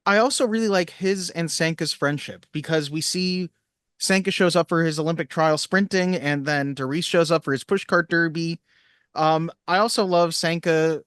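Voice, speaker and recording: A man's voice: a little high, moderate pace, a bit bright, smooth, no room sound, studio quality. A man co-hosting a podcast, chatting casually about a movie, rambling through asides and laughing easily. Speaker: podcast co-host.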